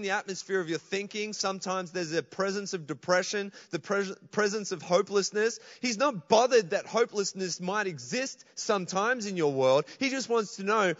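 A man's voice: sits high, fairly bright tone, big-room sound, muffled recording. A man preaching a sermon as pastor, calling out to the congregation. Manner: preaching with call-outs to the congregation. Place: church.

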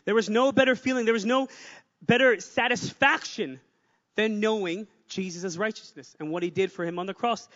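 A man's voice: sits high, normal speed, fairly bright tone, big-room sound, dull audio. A man preaching a sermon with energy, repeating phrases for emphasis and adding joking asides. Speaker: pastor.

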